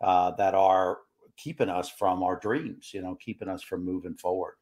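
A man's voice: low-pitched, steady tone, moderate pace, a little mellow. Older man hosting a podcast, rambling. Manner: rambling, restarts his questions. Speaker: podcast host. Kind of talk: casual podcast interview.

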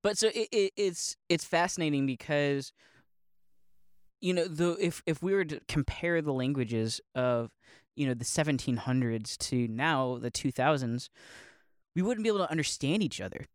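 Young guy, loose rambling monologue, laughs often, bit high, dry close mic. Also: lively intonation, normal speed, clear, resonant tone, no room sound. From Northeast Ohio. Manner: rambling, laughs often, many likes and restarts. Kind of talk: casual monologue.

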